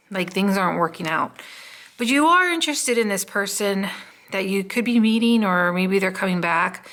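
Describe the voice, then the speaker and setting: A woman's voice: on the low side, a bit bright. A woman doing a casual, chatty tarot reading, musing aloud with many "um" fillers. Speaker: tarot card reader.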